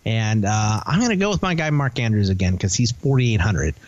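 A man with a voice on the low side and lively intonation co-hosts a fantasy football podcast, with no echo and the highs cut off. Rambling and teasing, he chats casually while quickly listing player names and prices.

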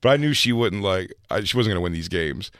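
A man's voice: deep voice, animated, quick pace, fairly bright tone, no echo, clean studio sound. A man guesting on a podcast as a comedian, telling rambling, laid-back anecdotes in casual chat.

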